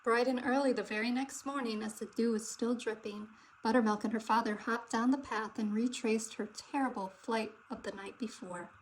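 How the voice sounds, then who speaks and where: A woman narrating a children's picture book aloud with expressive, dramatic delivery. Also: fairly high pitch, moderate pace, a little hiss or hum, low-quality recording. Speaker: storybook reader.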